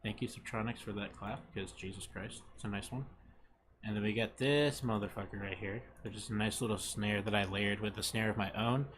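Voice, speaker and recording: A young man hosting a casual music production tutorial, swearing freely and counting beats out loud. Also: fairly low pitch, steady tone, fairly quick, slight background noise. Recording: music playing underneath. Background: music playing.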